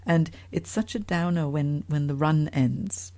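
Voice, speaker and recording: A woman hosting a podcast interview, asking questions in a lively, enthusiastic way. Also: sits low, unhurried. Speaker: podcast host, career coach.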